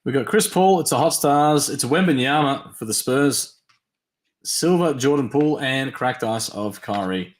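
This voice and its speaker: A man hosting a live-stream trading card break, tired and yawning, chatty as he reads teams and cards in quick lists. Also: medium pitch, echoey room. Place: at a desk during a live stream.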